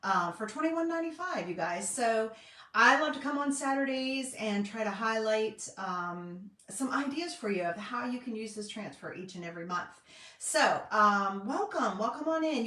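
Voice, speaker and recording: A woman's voice: fairly high pitch, expressive, moderate pace, bright, forceful tone. A middle-aged woman with a Southern US accent, chatting casually on a live craft stream from her home craft room, full of fillers and folksy asides. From North Carolina. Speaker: craft vlogger and independent designer. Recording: echoey room, voice a bit distant.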